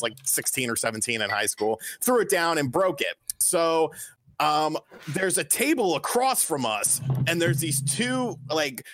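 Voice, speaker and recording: A man from North Carolina telling a story on a podcast in an animated, casual way, swearing freely and acting out quotes. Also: no room sound. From North Carolina, USA. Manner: animated, swears freely, acts out quotes with big pitch swings. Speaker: podcast co-host.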